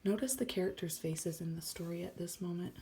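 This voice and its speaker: A woman's voice: fairly low pitch, steady tone, fairly quick, a little mellow, slight background noise. A woman teacher reading a story aloud to children, explaining words and often dropping to a whisper. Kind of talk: read-aloud lesson for children.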